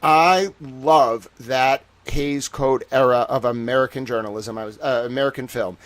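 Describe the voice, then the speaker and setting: A man hosting a livestream in casual commentary, talking in a rambling, animated way full of "like.". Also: medium pitch, moderate pace. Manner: rambling and animated, heavy use of "like". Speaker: livestream host.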